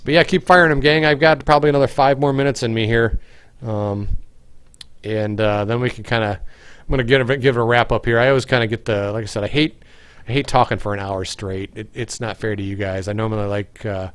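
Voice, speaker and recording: A man's voice: medium pitch, steady tone, fairly quick, fairly bright tone, clear, resonant tone, no room sound. A man hosting a casual livestream, answering viewer questions in a rambling way with many fillers and restarts, tired and yawning. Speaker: game developer hosting a livestream.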